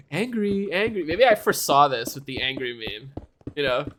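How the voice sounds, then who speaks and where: A man's voice: medium pitch, big pitch swings, moderate pace, bright, forceful tone, slight background noise. A young man streaming live, chatting casually and ranting animatedly, often breaking into laughter. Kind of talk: casual chat.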